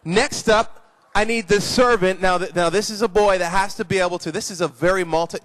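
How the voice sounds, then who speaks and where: A man teaching children at a live conference session, animated and playful, praising his young volunteers. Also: high-pitched, brisk. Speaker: children's ministry speaker.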